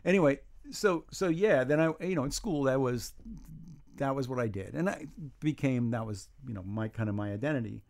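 A New York man in his seventies, a humor writer, guests on a radio interview in casual chat. His mid-range voice is creaky and darkish, at a moderate pace, and he tells stories in a wry, rambling, self-deprecating way.

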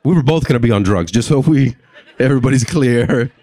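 A man's voice: mid-range voice, brisk. A young man doing stand-up comedy, telling a long story and acting out the voices of the people in it. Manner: animated, acts out voices and reactions.

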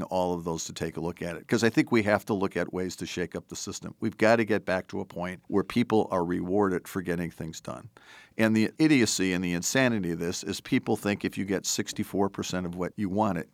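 A middle-aged man speaks in a very low voice with a gravelly edge. He sounds earnest and discursive as he tells stories in an interview. The recording is dry and close, with no room echo. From Wisconsin. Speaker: podcast host and former politician. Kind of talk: conversational interview.

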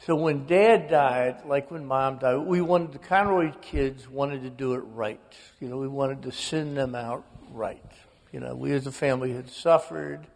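A man's voice: mid-range voice, unhurried, gravelly, long reverb tail. A man in his sixties, an author, telling wry, self-mocking family stories in a radio interview. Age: 60s.

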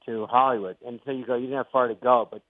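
An older man, a comedian being interviewed, telling stories in an animated way and acting out the voices he quotes. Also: mid-range voice, quick pace, no echo. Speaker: guest comedian. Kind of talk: interview storytelling. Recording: tinny phone-like line, dry.

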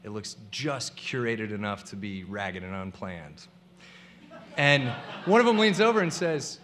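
Animated, lively-pitched young man telling a story. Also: measured pace, a little hiss or hum. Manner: animated, comic, acts out the people he quotes. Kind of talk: personal story told to a live audience.

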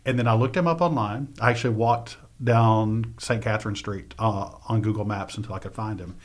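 A man reading his poetry and telling stories in an interview, soft-spoken and often trailing off. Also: on the low side, fairly even intonation, fairly quick. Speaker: poet and interview guest.

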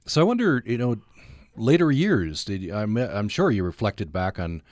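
A man's voice: lowish voice, big pitch swings, moderate pace, a little mellow, no echo, clean studio sound. A man hosting a radio interview, hesitant and repeating words as he forms his questions. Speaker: radio host.

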